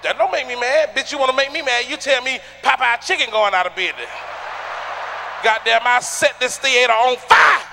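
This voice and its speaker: A man doing a stand-up comedy routine on a theater stage, loud and rowdy, shouting punchlines at the crowd. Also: very high-pitched, moderate pace, gravelly, slight background noise.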